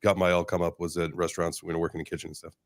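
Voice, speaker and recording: Man, podcast host, low voice, dry close sound, casual and hesitant. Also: little pitch movement, very fast, no echo. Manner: loose, hesitant, fillers, casual swearing.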